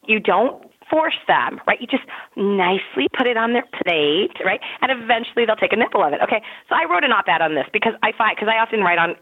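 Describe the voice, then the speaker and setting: A woman's voice: mid-range voice, breathy edge. A woman in casual chat, blunt and exasperated, sometimes laughing as she talks. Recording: tinny phone-like sound.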